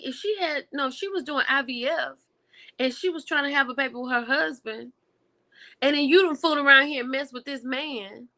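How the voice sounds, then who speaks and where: Woman on a stream talking to chat, bright voice, sits a bit high, lots of oh girl energy. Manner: animated and expressive, with exclamations; talks to viewers directly, reading and answering chat. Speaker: livestream host reviewing TV and film. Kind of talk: casual chat with viewers.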